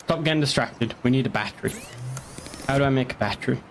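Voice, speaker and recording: A man's voice: mid-range voice, quick pace, a little hiss or hum. A young man with a northeast English accent chatting casually on a game stream, rambling, swearing and answering chat. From northeast England.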